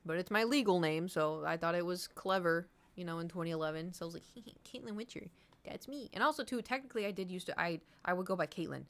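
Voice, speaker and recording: A young adult woman streaming and chatting with viewers, telling a rambling, animated story with laughs. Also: lowish voice, fast talker. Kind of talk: casual chat with stream viewers.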